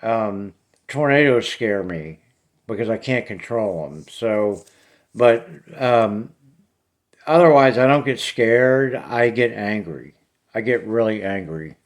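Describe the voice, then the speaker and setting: Plainspoken man with a lowish voice, a paranormal vlogger talking straight to camera. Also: slow. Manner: blunt and plainspoken. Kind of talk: casual talk to camera.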